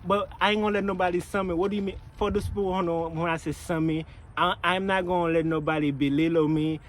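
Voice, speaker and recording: A man's voice: sits high, quick pace, a little hiss or hum, rough recording. A man telling work stories in a casual venting vlog, full of swearing and repeated phrases. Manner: profane, repetitive, animated storytelling. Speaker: vlogger, package handler.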